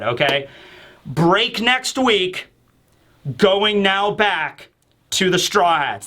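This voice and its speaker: A man's voice: high-pitched, bright, forceful tone. A man in a casual manga review chat, talking enthusiastically and rambling, acting out lines.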